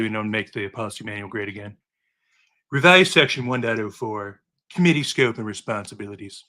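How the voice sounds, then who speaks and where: A man doing an impression of a boastful older male politician, drawling slowly, repeating praise and insults. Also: fairly low pitch, sharp tone.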